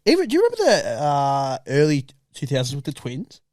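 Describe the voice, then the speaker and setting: A man's voice: a little high, huge pitch swings, a little fast, darkish tone, no echo, clean studio sound. A young man co-hosting a podcast, chiming in with slang, agreement and casual swearing. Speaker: podcast co-host. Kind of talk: casual chat.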